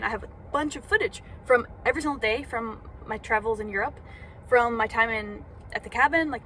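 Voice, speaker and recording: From the seat of a parked car, a young woman records a rambling vlog monologue on her phone, self-conscious and filled with fillers. Her voice is on the high side and fairly bright, against slight background noise.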